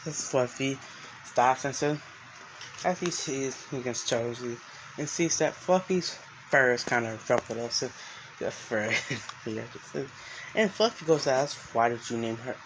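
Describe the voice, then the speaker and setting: A man telling a story he makes up as he goes, in a middle-pitched voice. He rambles, circles back and restarts his sentences, filling gaps with "you know" and "uh." His voice stays plain and unhurried throughout. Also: fairly bright tone, a little hiss or hum, low-quality recording. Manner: rambling, full of restarts and fillers. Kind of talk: improvised story narration.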